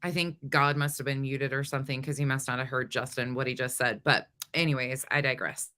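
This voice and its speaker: A woman's voice: rumbling low, steady tone, a little fast, pushed and bright. A woman hosting a reaction commentary, blunt, sarcastic and profane. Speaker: commentary host. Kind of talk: reaction commentary on livestream clips.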